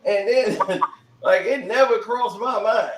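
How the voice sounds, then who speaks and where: A man chatting casually as co-host, animated, laughing often and acting out quotes. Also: high voice, takes it slowly. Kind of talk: casual chat. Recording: echoey room, distant mic, noisy.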